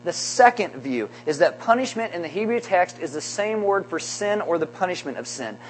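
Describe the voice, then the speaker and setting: A man's voice: high voice, animated, moderate pace, slight background noise, rough recording. A man preaching a sermon to a congregation, conversational and wry, with joking asides between points. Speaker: pastor. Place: church sanctuary.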